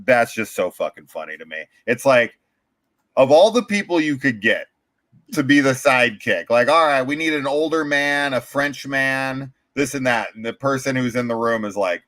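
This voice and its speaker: A man co-hosting a casual movie review podcast, swearing and acting out characters in quick impressions. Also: medium pitch, animated, a bit bright, no echo. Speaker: podcast co-host.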